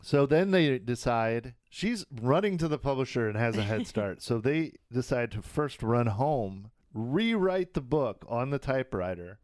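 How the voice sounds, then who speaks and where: A man's voice: mid-range voice, animated, darkish tone, dry recording, clean studio sound. A man casually recapping a TV episode on a podcast, laughing as he retells the scenes. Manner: retells scenes with quick acted quotes, often laughing. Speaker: podcast co-host.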